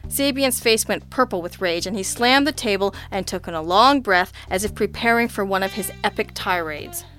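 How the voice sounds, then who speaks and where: A woman reads a first-person audiobook in an even, wry narrative voice. Her pitch sits at an ordinary middle level, and faint music plays underneath the reading. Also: normal speed.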